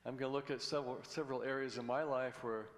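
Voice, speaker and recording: A man's voice: mid-range voice, fairly even intonation, fast. A middle-aged man giving a folksy sermon as a guest speaker, rambling through stories and jokes with frequent restarts. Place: church sanctuary. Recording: long hall reverb.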